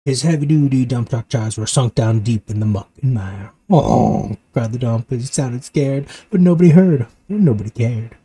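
A man reading a rhyming picture book aloud to his child in a rhythmic, expressive way. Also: mid-range voice, normal speed, few pauses, breathy edge. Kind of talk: storybook read-aloud.

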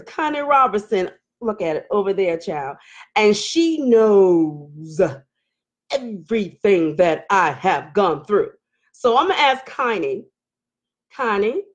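This live-stream host has a slightly high voice and reads viewer comments in casual chat. Her delivery is animated, full of laughter and emotional outbursts, with Southern Black vernacular phrasing.

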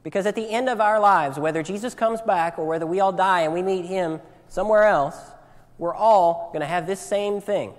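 A man's voice: high voice, normal speed. Earnest man preaching in a reverberant church. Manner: earnest, repeats phrases, swings from loud to hushed. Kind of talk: sermon. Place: church sanctuary. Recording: long church hall reverb.

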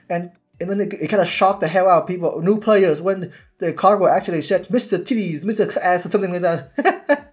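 A man giving casual commentary while watching a series, excitable and halting with many restarts. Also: sits high. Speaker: YouTube reactor.

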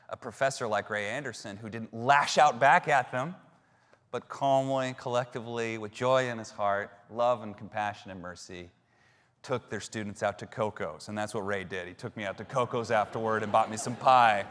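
A man's voice: medium pitch, moderate pace, a bit bright. A man in his thirties preaching a sermon as a pastor, talking in a conversational, self-deprecating storytelling way. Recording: long hall reverb.

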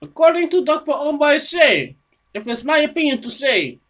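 Home video presenter, rambling monologue, halting, repeats words, scolding tone. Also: high voice, big pitch swings, a bit bright. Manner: lectures an imagined listener, scolding. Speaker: home video presenter showing own research.

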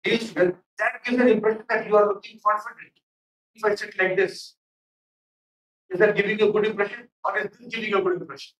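A man's voice: high-pitched, steady tone, brisk, fairly bright tone, far from the mic. A man giving stern feedback in a mock interview, with many fillers. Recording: echoey room, off mic.

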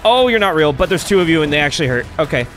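A man doing excitable gameplay commentary, trash-talking and swearing at enemies. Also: on the high side, racing. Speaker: let's play streamer. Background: game music.

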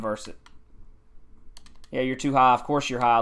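A man's voice: medium pitch, steady tone, normal speed, pauses often, fairly bright tone, smooth. A man giving frustrated, ranting gameplay commentary on a football video game, repeating his complaints over and over.

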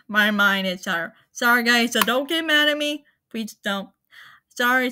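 A woman hosting her own channel, talking casually to viewers in a halting, apologetic way, with many fillers and restarts. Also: medium pitch, bright, forceful tone. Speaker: anime channel host. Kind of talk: casual spoken rundown to viewers.

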